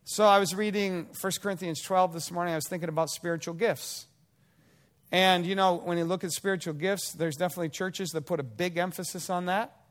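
A male pastor delivers a sermon in a relaxed, conversational way, with a voice that sits a little high for a man. He often restarts a phrase and slips into playful acted-out asides before returning to his point. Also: a little fast.

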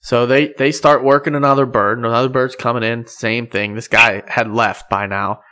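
A man's voice: medium pitch, steady tone, normal speed, pushed and bright. A man, a podcast host chatting casually and laughing often. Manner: laughs often, friendly commentary. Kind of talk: casual chat.

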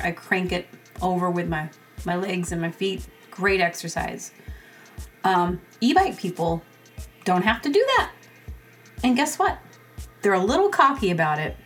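A woman's voice: medium pitch, expressive, moderate pace, a bit bright, soft background music. A woman hosting her own podcast in a casual solo monologue. She rambles, jokes, laughs often and acts out little quoted exchanges. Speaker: podcast host.

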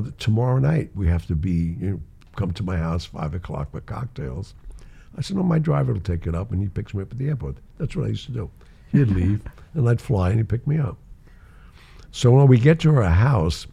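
A man's voice: low voice, vocal fry, breathy edge. An older man casually telling show-business stories, acting out the voices in them and often laughing. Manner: animated storyteller who acts out quoted voices and laughs often. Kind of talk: casual anecdote.

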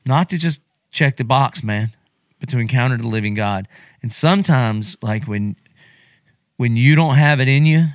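A man's voice: medium pitch, moderate pace, no room sound, clean studio sound. A middle-aged man, a pastor hosting a podcast, talking casually and emotionally, acting out quotes as he goes. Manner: animated, emotional, acts out quotes.

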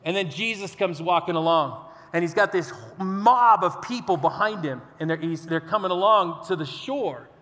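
A man's voice: high voice, normal speed, bright, forceful tone, big-room sound. A man preaching a sermon in a conversational, storytelling way, acting out quotes as he goes.

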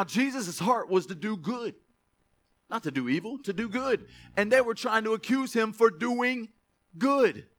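High, lively male pastor preaching. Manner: conversational, laughing, keeps asking "right?". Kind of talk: sermon.

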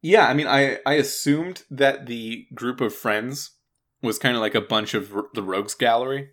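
A man's voice: mid-range voice, moderate pace, a bit bright. A man co-hosting a casual gaming podcast, rambling and restarting his words often. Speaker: podcast co-host.

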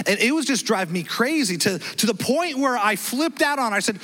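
A male pastor with a high, bright voice that leaps up and down as he tells a story from the pulpit and acts out every exchange. His sermon carries a long, ringing reverb from the church hall. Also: fairly quick, hardly any pauses. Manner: animated storytelling, acts out dialogue, self-deprecating. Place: church sanctuary.

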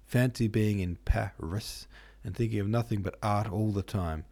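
A man's voice: low voice, steady tone, moderate pace, dark tone, no echo. A man voicing a boisterous, carefree young man who talks bluntly. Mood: rowdy. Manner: rowdy, blunt.

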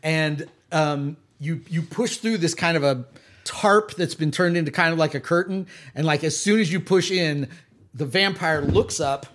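High-voiced man running a tabletop game. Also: moderate pace, a bit bright. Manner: descriptive, playful storytelling. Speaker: game master.

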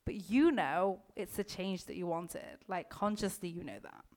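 A woman's voice: fairly low pitch, moderate pace, a little mellow. A woman mindset coach in casual motivational talk, chatty and filled with "like", emphatic and direct with the listener, swearing now and then. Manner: chatty, heavy use of "like", occasional swearing.

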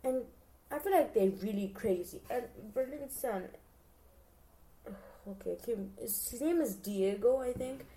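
A woman talking casually as a podcast host, chatty and expressive, often addressing her listeners directly. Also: a little high, a little slow, long pauses. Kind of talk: casual show recap chat.

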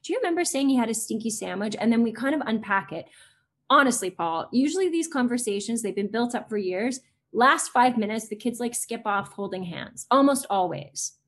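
This guest on an interview show is a woman in her forties who works as an educator; she talks casually and chattily, full of small fillers, and mimics children's voices when quoting them. Her pitch is fairly high and a bit bright, with lively intonation at a slightly fast pace.

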